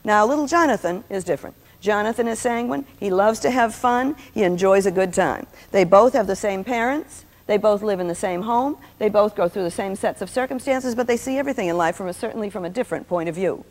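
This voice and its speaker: Older woman, anecdotal teaching talk, humorous storyteller, mid-pitched voice, long hall reverb. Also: a little fast, hardly any pauses. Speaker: Christian speaker teaching on personality types. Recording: long reverb, old VHS tape.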